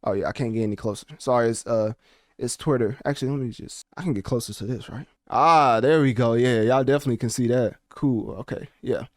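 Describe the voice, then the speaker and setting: A man hosting a casual commentary video, talking in an animated, slangy and rambling way. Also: medium pitch, fairly quick, no echo, clean studio sound. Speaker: commentary channel host.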